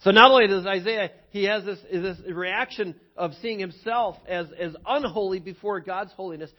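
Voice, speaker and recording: High-voiced, animated male preacher. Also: moderate pace. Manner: animated storytelling with many repeated words. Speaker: pastor. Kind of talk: sermon. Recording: dull lo-fi recording.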